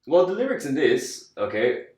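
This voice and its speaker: A man's voice: fairly high pitch, big pitch swings, moderate pace, a little mellow, echoey room, far from the mic. A songwriter talking plainly about his writing in a casual interview, laughing along at jokes.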